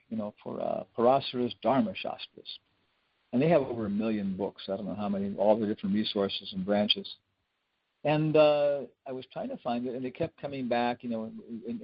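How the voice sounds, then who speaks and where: A man with a gravelly, husky voice gives a scripture class, drifting into rambling anecdotes full of fillers. The recording is dull and lo-fi, and the sound is dry and close. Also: on the low side, no room sound. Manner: rambling storyteller, many fillers, chuckles often. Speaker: spiritual teacher giving a scripture class.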